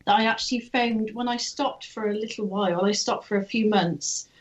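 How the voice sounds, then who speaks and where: A woman's voice: medium pitch, fairly even intonation, normal speed. A woman guest, a clairvoyant, telling her story in a chatty, explaining way. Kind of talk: casual interview answers. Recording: lo-fi remote audio.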